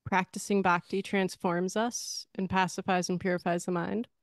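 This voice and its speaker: A woman co-hosting a devotional talk, reading out short takeaways in a brisk, matter-of-fact way. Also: on the low side, little pitch movement, no room sound. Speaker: podcast co-host.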